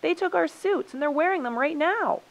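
A grumbling herd of forest animals, put on by a woman reading aloud, shouting in high, indignant voices with a lively, swinging pitch. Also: moderate pace.

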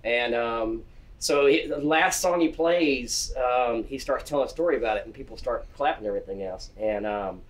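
A man, a songwriter guest, telling stories in an animated, rambling way in a casual interview. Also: medium pitch, moderate pace. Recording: voice distant from the mic.

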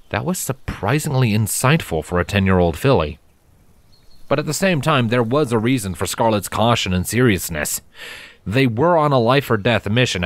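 A man reading a fan fiction story aloud as narrator, steady and dramatic. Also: fairly low pitch, no echo. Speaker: fanfiction reader. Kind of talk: audiobook narration. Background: background music.

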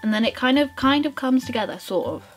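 Soft background music accompanies this young woman's quick, animated makeup tutorial chat. In a high voice she rambles bubbly and self-deprecating as a beauty vlogger walking through her routine.

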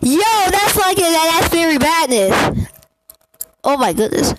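A woman giving casual gameplay reaction commentary, excitable and blunt, scolding the game and breaking into shouts. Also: very high voice, measured pace, dry recording. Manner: excitable, bursts into shouts and gasps.

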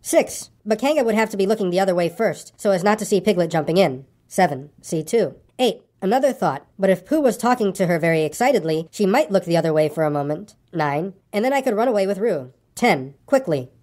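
A woman voicing a fussy, bossy male rabbit in a storybook reading, speaking in a brisk, self-important way. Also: medium pitch, expressive, a little mellow, lightly acted.

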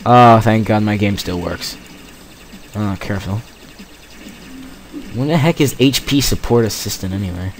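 A man's voice: fairly low pitch, normal speed, long pauses, a little hiss or hum. A teenage boy doing gameplay commentary, rambling and jokey with self-mocking asides. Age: teens. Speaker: let's play gamer.

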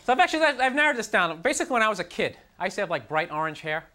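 Rapid-fire and sing-song, a young stand-up comedian's high voice comes across bright and forceful. He rants with frustration and self-mockery, filled with "like" and "you know," on a TV studio stage before a live audience. The 1990s broadcast picks up audience laughter and noise.

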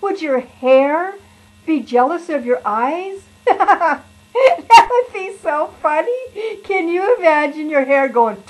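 A cheerful lion preacher, voiced by a woman, talks in a high, bright register. The delivery is sing-song and exaggerated, playful like a children's sermon. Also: animated, unhurried, poor audio. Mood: amused.

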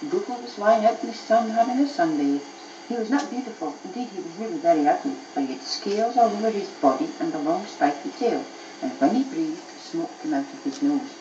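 A woman's voice: on the low side, expressive, fairly quick, dark tone, roomy sound, lo-fi sound, slight background noise. A mother reading a bedtime story to her child aloud, telling it expressively, recorded on an old cassette tape.

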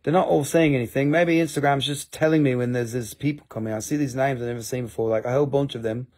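A man with an Appalachian American accent hosts a live-stream crystal sale, rambling casually, joking at his own expense and swearing freely. His voice is medium-pitched and darkish, fast, with fairly even intonation.

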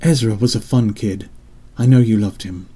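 A man's voice: lowish voice, moderate pace, dark tone, husky. A man voicing a worried, insistent middle-aged mother in an audiobook, with pleading, scolding emphasis. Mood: gentle. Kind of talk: audiobook character reading.

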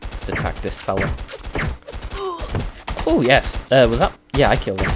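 A young British man casually commentating a game he is playing, excitable and self-mocking, blurting out swears. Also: medium pitch, normal speed, pauses often, noisy background. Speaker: let's play gamer. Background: game music.

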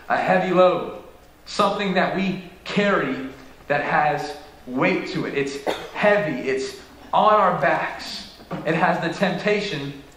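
A man's voice: a little high, fairly bright tone, slight background noise. Impassioned man preaching in an echoey church. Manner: impassioned preaching with rising exhortations. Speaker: pastor. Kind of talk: sermon. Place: church sanctuary.

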